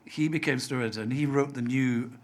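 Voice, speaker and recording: Older man with a softened Scottish accent. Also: mid-range voice, fast. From Scotland. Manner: chatty storyteller, acts out quoted voices, laughs often. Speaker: interview guest, TV writer. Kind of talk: anecdotal live interview.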